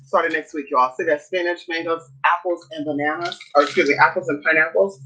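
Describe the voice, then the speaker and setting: A sassy woman vlogging into her phone in her home kitchen, with a bright, sharp voice. She chats casually and profanely, calling viewers girl and honey. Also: low-pitched, steady tone, fairly quick, slight background noise, poor audio. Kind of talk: casual chat to camera.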